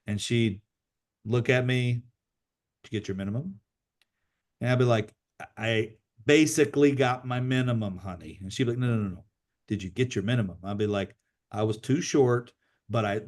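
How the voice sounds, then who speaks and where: Male call host, mid pitch, casual motivational storyteller, repeats and restarts a lot. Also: a little mellow.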